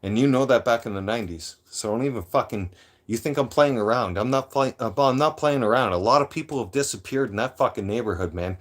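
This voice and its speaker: A middle-aged man, ranting on his live stream. He talks rough and profane, throwing out threats. His voice sits at an ordinary mid pitch for a man. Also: a little fast. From Toronto, Canada.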